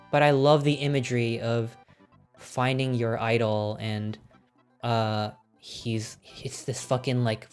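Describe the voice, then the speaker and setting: A woman streaming casually, ranking films with excited, swear-filled chat and frequent laughter. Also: extremely low pitch.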